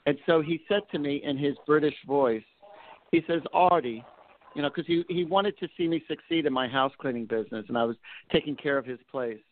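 A man's voice: fairly high pitch, a little fast. A man hosting a call-in show as a psychic, chatty and telling stories to callers. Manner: chatty, storytelling, affectionate with callers. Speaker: psychic radio show host. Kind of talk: casual call-in chat. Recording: phone-like narrow band.

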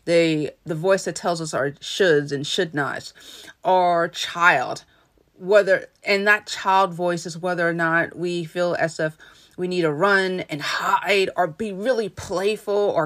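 Earnest lower-voiced woman podcast host. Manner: earnest, instructive, with pauses between phrases. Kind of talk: solo motivational podcast talk.

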